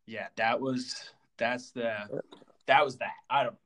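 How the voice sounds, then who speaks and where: A young man co-hosting a podcast, telling a story in casual chat, animated and full of fillers and stutters. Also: mid-range voice, takes it slowly. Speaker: podcast co-host.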